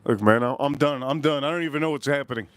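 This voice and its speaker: A man hosting a casual livestream whiskey review, talking excitably and rambling straight to his viewers. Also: medium pitch, fast, clean tone, no echo.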